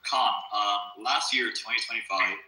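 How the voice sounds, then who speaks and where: A man's voice: fairly low pitch, steady tone, unhurried, bright, forceful tone. A man in a political voice-chat debate, pushily cutting in with leading questions. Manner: pushy, interjecting, asking leading questions. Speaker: participant in a political voice room. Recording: echoey, noisy voice-chat audio.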